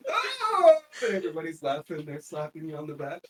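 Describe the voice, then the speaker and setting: A game master narrating a tabletop game, telling the story in a lively way and laughing often. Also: mid-range voice, rapid-fire. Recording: distant mic, faint noise.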